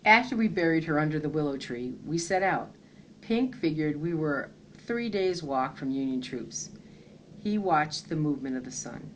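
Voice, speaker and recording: A woman reading a children's book aloud in an earnest, expressive storytelling manner. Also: low voice, moderate pace, a little hiss or hum. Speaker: reader.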